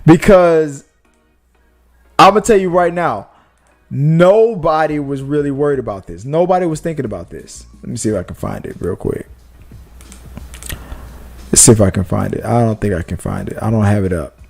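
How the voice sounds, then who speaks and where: A man's voice: mid-range voice, moderate pace, gravelly, long pauses, faint music behind. A man co-hosting a casual live-stream movie talk show, making his points with emphatic rhetorical questions. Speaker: podcast co-host.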